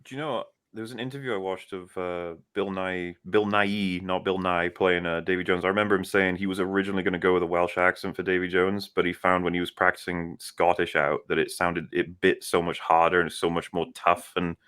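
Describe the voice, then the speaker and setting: A man's voice: deep voice, flat delivery, fairly quick, few pauses, a bit bright, clean tone. A man chatting as a panel guest, laughing easily and swearing casually.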